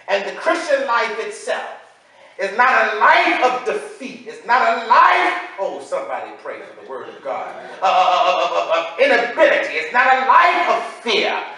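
Forceful woman preacher in an echoey hall. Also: on the low side. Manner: repetitive call-and-response preaching, rising to shouts. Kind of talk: sermon. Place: church sanctuary. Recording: echoey hall, voice far from mic.

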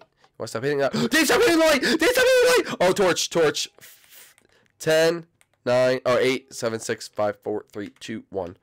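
An excitable man hosts his gameplay video with live commentary. His voice swings widely in pitch and jumps into shrill squeals of greeting. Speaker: gaming video host.

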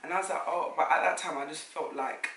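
A young woman, telling a lively story to camera as a vlogger and acting out what others said. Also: low voice, fast, background noise. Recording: roomy sound, mic at a distance.

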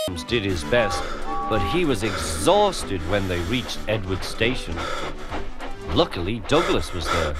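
A man narrating a children's storybook in a gentle, expressive way. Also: on the low side, measured pace, loud music behind the voice.

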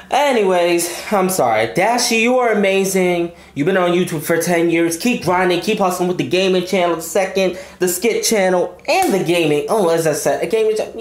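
A woman's voice: lowish voice, reverberant, a little hiss or hum. A woman doing casual reaction commentary, talking in a profane, talkative way. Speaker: reaction youtuber.

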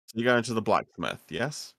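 A man narrating as game master, halting with many ums and uhs. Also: on the low side, very animated, creaky, pushed and bright, no echo, studio quality.

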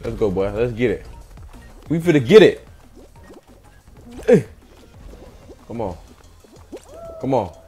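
A man's voice: mid-range voice, sing-song, slow, pauses often, warm tone, soft background music. A young man hosting a gaming channel, giving hyped let's-play commentary, trash-talking and chanting catchphrases while he plays.

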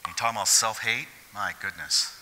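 Man, pastor, sermon, very bright voice, long church reverb. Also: fairly low pitch, brisk. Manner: expressive preaching, swinging from hushed to shouted. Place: church hall.

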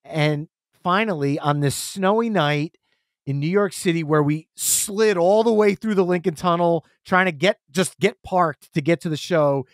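A man in his forties chats as a podcast guest with a slightly high voice, spinning animated stories and playing out the lines of the people in them. The sound is dry and close, with no room around it. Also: normal speed, no echo. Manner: animated storyteller, acts out quotes. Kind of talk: casual storytelling.

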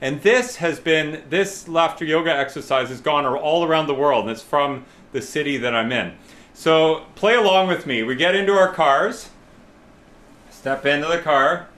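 A man's voice: a little high, moderate pace, a bit bright. A man leading a laughter yoga class, giving playful step-by-step instructions and breaking into hearty laughs. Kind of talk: guided group laughter exercise.

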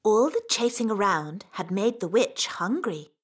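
A woman's voice: medium pitch, lively intonation, unhurried, slightly rough. A storytelling elf mother. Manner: storytelling, playful sound effects. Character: gentle elf mother telling a bedtime story. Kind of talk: cartoon voice acting.

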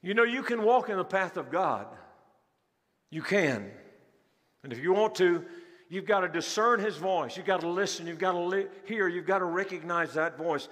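Male pastor, high-pitched, repetitive sermon delivery in a large hall. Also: normal speed, fairly bright tone. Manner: rhetorical questions to the congregation, repeats key phrases. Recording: long hall reverb.

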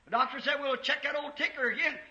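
A man preaching an impassioned revival sermon in a church, rising to shouts at the peaks. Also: extremely high pitch, steady tone, fast, background noise. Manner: impassioned, shouting at peaks, old-time Southern US preaching cadence. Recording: echoey church, dull 1950s tape.

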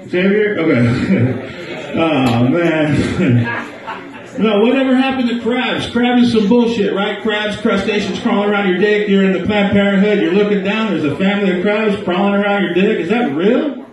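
A man's voice: sits high, moderate pace, distant mic. A man doing a crude live stand-up set in a small bar, riffing with the crowd. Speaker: stand-up comedian. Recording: echoey bar, mic heard from afar.

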